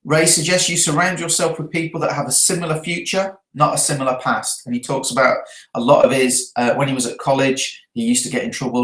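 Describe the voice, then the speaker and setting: A man's voice: medium pitch, a bit bright, echoey room, poor audio. A man who trains network marketers, talking through his event notes earnestly and often checking in with his listeners. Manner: earnest, checks in with a frequent tag question.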